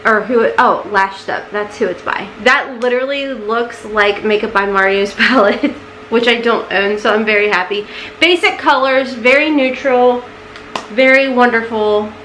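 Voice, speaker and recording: A woman's voice: normal speed, a bit bright, slight background noise, rough recording. Chatty woman unboxing beauty products. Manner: chatty, easily distracted, coos at her cat in a high voice. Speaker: beauty vlogger. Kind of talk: casual unboxing chat.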